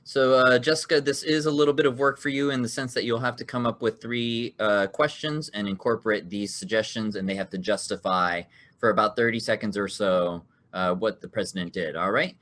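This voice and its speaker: A man's voice: fairly low pitch, a little fast, a bit bright. A man hosting an online improv comedy card game, upbeat and laughing often as he reads out the rules. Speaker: game show host.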